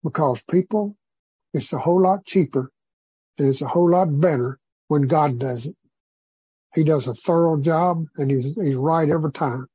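A man's voice: a little high, normal speed, warm tone, slightly rough, no echo, dull audio. A man leading an informal church group, teaching in a rambling, preacherly way with many fillers. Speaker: group leader.

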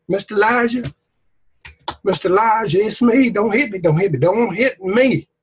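A man's voice: a little high, moderate pace, slight background noise, lightly acted. A man doing a timid pleading soldier. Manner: nervous, begging, overly polite.

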